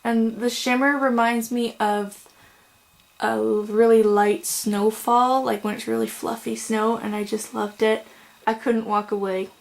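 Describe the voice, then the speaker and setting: A young woman with a slightly high voice talks casually to her camera at home about yarn and crochet. She is chatty and a little apologetic, filling pauses with "um" and "so". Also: level tone, gravelly, rough recording. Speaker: crochet vlogger. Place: home room.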